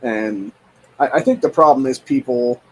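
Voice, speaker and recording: A man's voice: medium pitch, normal speed, a little mellow, slight background noise. A young man at home, ranting in a casual, profane, exasperated way with lots of repetition. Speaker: podcast host. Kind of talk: casual rant.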